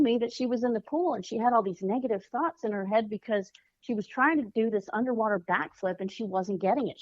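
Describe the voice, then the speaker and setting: A woman, a children's author, speaking earnestly as a podcast guest and often pausing to find her words. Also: fairly high pitch, darkish tone, dry recording, highs cut off. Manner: earnest, searching for words with fillers. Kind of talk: podcast interview.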